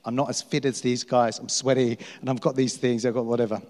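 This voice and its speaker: A man's voice: mid-range voice, little pitch movement, fast talker, a little mellow. A middle-aged man preaching a sermon, telling stories about himself with self-mocking humor and frequent laughter. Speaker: pastor. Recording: long hall reverb.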